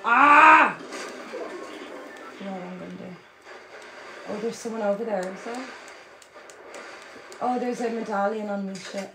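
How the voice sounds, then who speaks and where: A woman's voice: medium pitch, fairly even intonation, moderate pace, vocal fry, pauses often, over music. A young woman casually chatting to her viewers while she plays a game, swearing freely and shrieking when things go wrong. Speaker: livestreamer. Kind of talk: casual gaming livestream chat.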